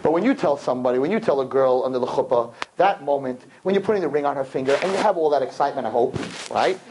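A man teaching a religious lesson to a class, telling stories with lively acted-out voices and sudden pitch jumps. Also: quick pace, slight background noise, low-quality recording. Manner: lively storytelling, jumps high in pitch, acts out characters. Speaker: rabbi teacher. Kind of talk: animated classroom lecture.

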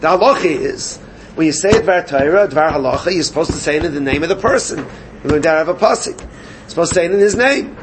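High-voiced man teaching Talmud. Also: slight background noise. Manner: animated, questioning students, mixes Yiddish and Hebrew terms. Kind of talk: Gemara class lecture.

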